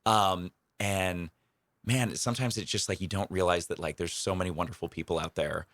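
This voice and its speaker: Young man, comedian, very low voice, forceful tone, rambling, self-deprecating, radio studio. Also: steady tone, normal speed, no room sound. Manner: chatty, self-deprecating, rambling with fillers and laughs. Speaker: comedian, radio interview guest. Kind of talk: casual interview storytelling.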